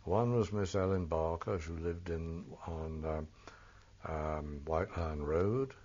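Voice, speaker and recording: Older English man, deep and halting, recalling the past in a dull lo-fi interview tape. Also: darkish tone. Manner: hesitant, full of ums and self-corrections. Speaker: oral history interviewee. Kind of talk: reminiscing in a recorded interview. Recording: muffled lo-fi recording.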